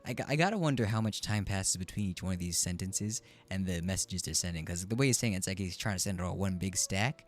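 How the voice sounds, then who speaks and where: A man's voice: low voice, fast, hardly any pauses. A man streaming and reacting to online stories with amused, wry asides. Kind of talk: casual reaction commentary.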